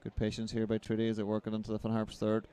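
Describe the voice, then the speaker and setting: A man giving live play-by-play football commentary, brisk and lifting his voice as the action builds. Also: lowish voice, completely flat delivery, mellow, clear, resonant tone.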